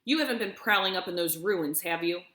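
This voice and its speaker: Woman doing a stern, steady father. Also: fairly low pitch, fairly quick. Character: stern grown man, a worried father. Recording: echoey room.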